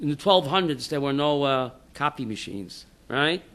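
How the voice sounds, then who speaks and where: A man's voice: medium pitch, normal speed. A man teaching an informal Torah class as a rabbi, telling stories with jokes and acting out the quotes. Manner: animated storyteller, acts out quotes.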